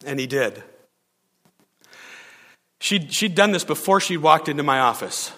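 A male pastor tells a story in his sermon, laughing often as he acts out the quotes. His voice is slightly high and bright. The sound rings with the long reverb of a large church hall. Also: lively intonation, measured pace.

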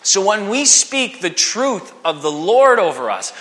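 Guy preaching in a big echoey hall, high bright voice, acts out little voices as he goes. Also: slow pace. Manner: animated, acts out quoted voices. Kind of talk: sermon. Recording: long hall reverb.

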